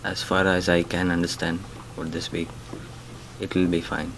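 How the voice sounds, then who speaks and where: A man's voice: deep voice, level tone, moderate pace, fairly bright tone, slight background noise. A male interviewee giving brief, plain answers.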